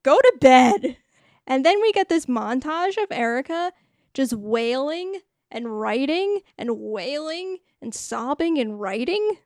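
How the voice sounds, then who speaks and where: A woman co-hosts a podcast and recaps a movie scene by scene in a chatty, giggly way, now and then acting out the characters' lines. Her voice sits a little high, and she talks at an unhurried, drawn-out pace. The sound is dry and close. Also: very animated, no room sound. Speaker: podcast co-host. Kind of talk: casual chat recapping a movie.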